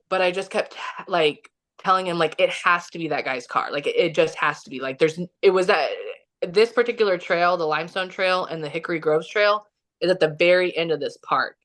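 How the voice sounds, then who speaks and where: A woman's voice: on the low side, fairly bright tone. A woman from Kansas City, Missouri, talking as a podcast guest and telling a personal story in a casual, chatty way, full of "like" and acted-out quotes. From Kansas City, Missouri, USA. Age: young adult or middle-aged, has a son. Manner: chatty, heavy use of "like", acts out quotes.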